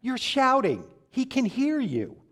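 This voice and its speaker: A woman's voice: high-pitched, huge pitch swings, takes it slowly, husky, voice pushed up, heavily acted. A man voicing his wife, a patient woman who dryly corrects her husband. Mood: exasperated. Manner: gently exasperated, dry.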